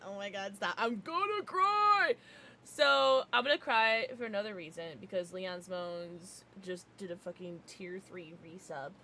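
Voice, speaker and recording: A young woman chatting casually on her gaming livestream, giggly and bubbly with loud, excited greetings. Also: mid-range voice, slight background noise. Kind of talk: casual gaming stream chat.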